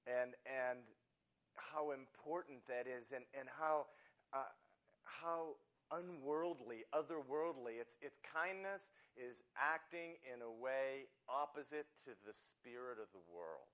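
A man's voice: mid-range voice, takes it slowly, fairly bright tone. A man preaching a sermon, telling a rambling, self-deprecating story full of restarts and asides. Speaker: pastor.

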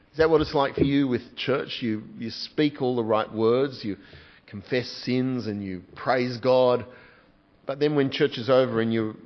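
A man delivers a sermon at an ordinary, middle pitch. He speaks earnestly and keeps asking his listeners pointed questions. The recording sounds slightly dull and muffled. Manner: earnest, asks the congregation direct questions. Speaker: pastor.

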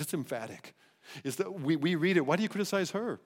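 A man preaching a sermon as pastor, emphatic and animated, often restarting his phrases. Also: a little high, fairly quick, in a large hall. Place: church sanctuary.

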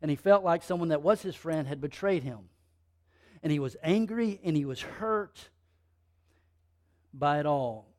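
A man preaching a sermon, driving points home through repetition and swinging between loud bursts and hushed asides. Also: a little high, expressive, a little slow, long pauses. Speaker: pastor.

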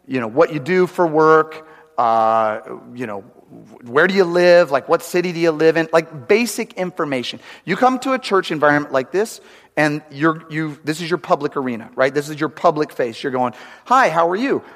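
A man's voice: a little high, a bit bright, long reverb tail. A man preaching a sermon in a church, talking conversationally and often checking for agreement. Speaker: pastor.

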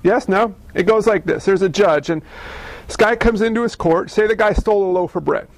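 A man preaching a sermon, telling stories in a conversational, animated way and asking the audience questions. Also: high voice, fairly quick, dry recording. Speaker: pastor.

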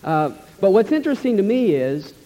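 A pastor with a high, mellow voice delivers an expository sermon with eager emphasis, repeating his key phrases and dropping to a hush at the ends of his lines. The sound is dull and lo-fi, and it rings with the long reverb of a large hall. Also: very animated, a little fast. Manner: enthusiastic, emphatic repetition, trailing off softly at phrase ends.

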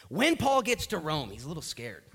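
A man preaching a sermon as pastor of a church, telling the story with lively acted-out voices. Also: on the high side, a little fast, gravelly, husky.

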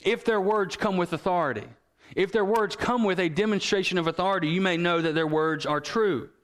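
Earnest preaching man, slightly high voice. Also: fairly bright tone. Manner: slows and drops low for emphasis; earnest, reading scripture and story quotes aloud. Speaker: pastor. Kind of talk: sermon.

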